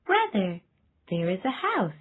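A man voicing a young girl in a storybook reading, high and pleading. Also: wildly swooping pitch, a little slow, a bit bright, husky, muffled recording, exaggerated voice. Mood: excited. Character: young girl Gretel, frightened but brave.

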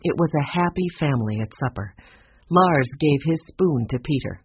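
A reader giving a lively, expressive storybook narration. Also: mid-range voice, normal speed, husky. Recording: dull dry lo-fi recording.

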